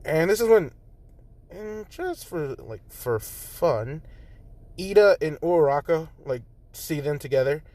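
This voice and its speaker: A man's voice: a little high, lively intonation, a little slow, a little mellow, no echo. A man improvising a fan story in a rambling, casual way, full of fillers, recorded on a phone.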